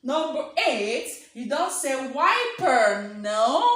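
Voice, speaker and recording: A woman's voice: sits high, very animated, slow pace, a bit bright. A Nigerian woman teaching an English lesson on video, emphatic, drilling each point and checking in with "okay?" after it. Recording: very echoey room.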